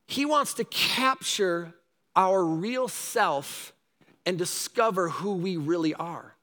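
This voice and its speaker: A man preaching a sermon, animated, with rising shouts and repeated calls to his listeners. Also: high-pitched, slow, long reverb tail. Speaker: pastor.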